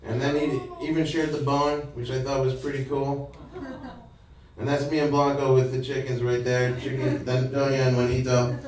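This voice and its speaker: A man's voice: mid-range voice, flat delivery, moderate pace, a little mellow, a little hiss or hum. An American man doing stand-up, telling a story in a chatty way and chuckling at his own jokes. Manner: chatty, laughs at own jokes, small restarts. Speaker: stand-up comedian. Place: event hall with live audience. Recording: echoey hall, distant mic, audience laughter.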